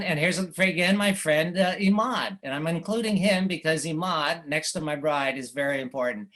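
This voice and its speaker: An American cartoonist gives a wry, anecdotal slide presentation, pausing often with fillers and little chuckles. His voice is high-pitched and a bit bright.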